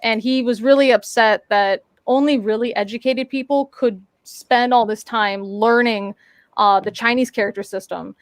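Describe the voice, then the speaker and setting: A woman's voice: on the high side, fairly even intonation, moderate pace, no echo, studio quality. A woman in casual chat on a live stream, telling a story with lots of fillers and playful voice mimicry. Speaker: guest on a live talk stream.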